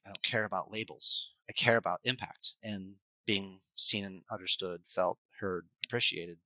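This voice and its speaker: A middle-aged man, a life coach and hypnotherapist, talking at length as a podcast guest and acting out scenes with sudden loud bursts. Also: on the low side, no echo, low-quality recording. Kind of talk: podcast interview, explaining at length.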